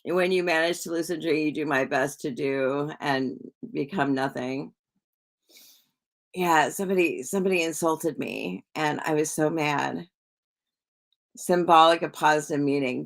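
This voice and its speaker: Slow-talking chatty woman livestreamer. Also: low voice, vocal fry. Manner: chatty and rambling, with frequent restarts and soft laughs. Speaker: psychic livestream host. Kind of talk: casual livestream chat reading viewer comments.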